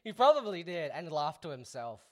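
A man's voice: on the high side, sing-song, moderate pace. A man with an Australian accent, co-hosting a casual podcast chat in a dry, self-deprecating way. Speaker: podcast co-host.

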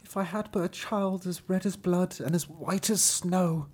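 A man's voice: high-pitched, fairly even intonation, normal speed, a little mellow, pitched above the performer's own voice. A sorrowful young wife sighs out her longing for a child in a lifted, wistful voice, as a man reads her part aloud. She sounds like a fairy-tale heroine in a spoken storybook reading.

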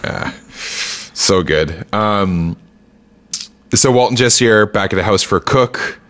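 A man's voice: fairly low pitch, slow pace, a bit bright. A man casually recapping a TV episode on a podcast, rambling with lots of fillers and acting out quoted lines. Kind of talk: casual chat.

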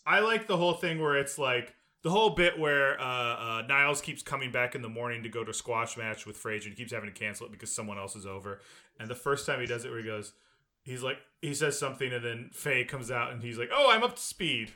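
Bright-voiced giggly man podcaster. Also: medium pitch, fast. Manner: giggly, quotes lines in playful voices. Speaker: podcast co-host. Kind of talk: casual chat reviewing a sitcom episode.

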